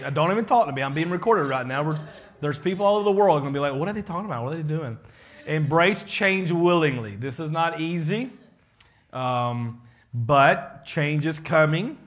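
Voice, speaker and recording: A man, a pastor giving a casual, joking leadership talk to his congregation and acting out the people he quotes. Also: a little high.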